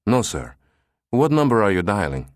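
A man's voice: lowish voice, very animated, normal speed, no room sound, clean studio sound. A man voicing a gushing, pushy Spanish salesman who runs an escort service, in an audiobook. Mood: wheedling.

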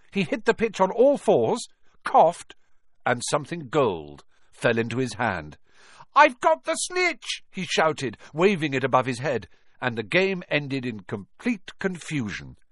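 Expressive male storybook narrator. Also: mid-range voice, no echo, clean studio sound. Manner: dramatic, expressive reading with big swings. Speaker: audiobook narrator.

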